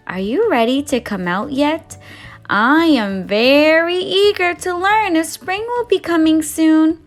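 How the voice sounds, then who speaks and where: A woman voicing an eager male frog who calls out loudly. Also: high-pitched, sing-song, a little slow, faint music behind, exaggerated voice. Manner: eager and loud.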